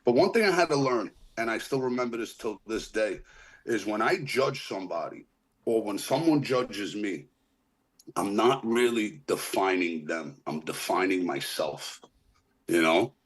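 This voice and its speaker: A man's voice: on the low side, animated, a little slow. A man sharing earnestly and reflectively at a recovery meeting over a video call. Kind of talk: casual recovery meeting share.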